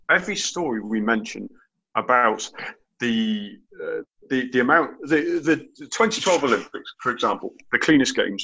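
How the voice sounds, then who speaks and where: Male panelist, sharp tone with a husky edge, earnest and rambling. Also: mid-range voice, poor audio. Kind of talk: sports discussion panel.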